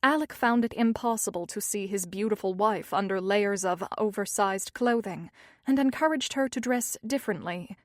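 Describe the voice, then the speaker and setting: A woman narrating a thriller audiobook in an even, measured reading style. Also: mid-range voice, no echo, studio quality.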